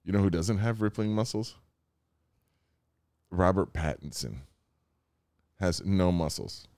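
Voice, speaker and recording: A man co-hosting a podcast in casual, joking chat, animated and quick to slip into silly voices. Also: sits low, clear, resonant tone, no echo, studio quality. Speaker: podcast co-host.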